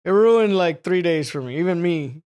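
A man's voice: high-pitched, expressive, moderate pace, a little mellow, clean tone. A man telling rambling, crude stories in casual chat, laughing often. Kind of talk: casual profane storytelling.

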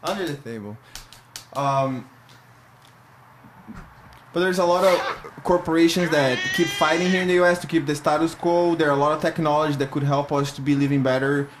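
A man's voice: on the high side, steady tone, a little fast, long pauses, background noise. A man from Brazil with a Brazilian Portuguese accent, chatting casually and animatedly, often swearing and repeating himself. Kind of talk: casual chat.

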